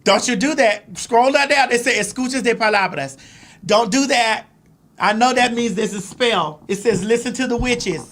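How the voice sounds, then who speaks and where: A woman's voice: on the high side, normal speed, fairly bright tone. A woman co-hosting a casual comedic podcast chat, playful and joking. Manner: playful, puts on broken Spanish for laughs. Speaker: podcast co-host.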